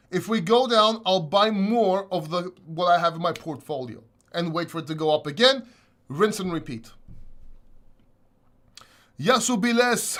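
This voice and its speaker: A high-pitched man rants at his livestream viewers, exasperated and swearing freely. He is a crypto host answering questions from the chat. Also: fairly bright tone.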